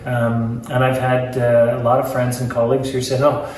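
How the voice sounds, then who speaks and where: A man's voice: mid-range voice, completely flat delivery, moderate pace, darkish tone, heavy reverb, recorded from a distance, slight background noise, poor audio. A man talking casually as an author in an interview, chatty and joking, with many fillers and restarts.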